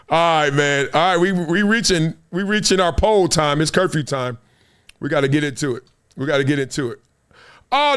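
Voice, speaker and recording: Animated man in his fifties telling stories. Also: on the high side. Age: 50s. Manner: animated, street slang, acts out quoted voices. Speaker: show host. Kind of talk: casual storytelling to camera.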